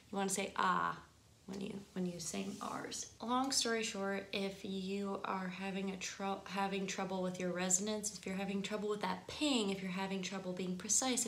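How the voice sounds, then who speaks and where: A woman voice teacher giving a casual singing lesson, chatty and explaining with quick examples. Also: mid-range voice, roomy sound.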